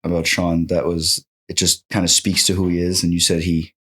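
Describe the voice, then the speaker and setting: Lively storytelling male podcast host. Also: low voice, fairly quick. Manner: animated storytelling, acts out quotes. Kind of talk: casual chat.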